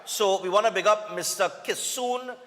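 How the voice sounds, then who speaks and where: A Trinidadian man reads viewer greetings on a morning show in a high, bright voice. His casual, upbeat delivery is full of local slang. The studio has a long, ringing reverb. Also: normal speed. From Trinidad and Tobago. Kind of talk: live TV greetings segment.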